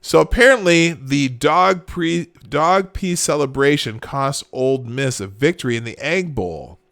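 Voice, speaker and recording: A man's voice: on the high side, lively intonation, unhurried, vocal fry, fairly bright tone, no room sound, clean studio sound. A man hosting a casual live show, reacting to online posts with frequent exclamations and laughter. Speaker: host.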